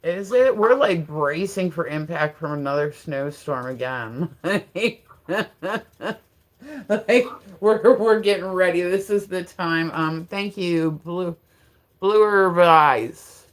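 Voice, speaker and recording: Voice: mid-range voice, takes it slowly. Livestream host, loose and rambling, heavy on fillers, laughs often. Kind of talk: casual livestream chat.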